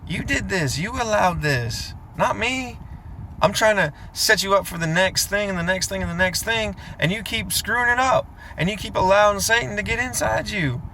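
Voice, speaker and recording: A man's voice: sits high, normal speed, pushed and bright, a little hiss or hum, voice pushed up. A man putting on a stern, fatherly God. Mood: scolding. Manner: scolding, reproachful.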